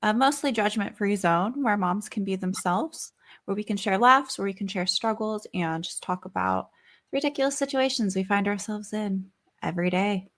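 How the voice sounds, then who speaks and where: A woman's voice: moderate pace, fairly bright tone. A woman co-hosting a podcast, chatting casually and giggling often. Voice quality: high-pitched. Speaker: podcast co-host. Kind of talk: casual chat. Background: kids' bedtime evening chat over drinks.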